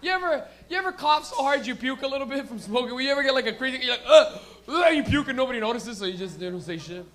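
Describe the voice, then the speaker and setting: Giggly high-voiced stoned comedy host. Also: male voice, animated, very fast, few pauses, fairly bright tone. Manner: rambling, giggly, stoned banter. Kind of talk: stand-up crowd work. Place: small comedy stage with live audience.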